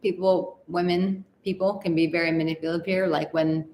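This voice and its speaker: A woman's voice: fairly low pitch, flat delivery, fairly quick, a little mellow, slight background noise. A woman from Texas, a relationship coach in her thirties, hosting a live stream where she reads viewer comments aloud and answers them in an earnest, chatty way. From Texas, USA. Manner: earnest and chatty, with frequent fillers and laughs. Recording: roomy echo with faint ambience.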